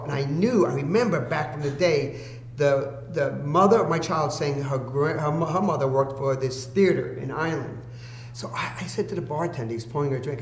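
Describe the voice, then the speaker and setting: Animated storytelling man in an echoey room. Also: on the high side, fairly quick. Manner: animated storyteller, acts out quoted people. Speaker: podcast guest. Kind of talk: storytelling in casual conversation. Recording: echoey room with faint hum.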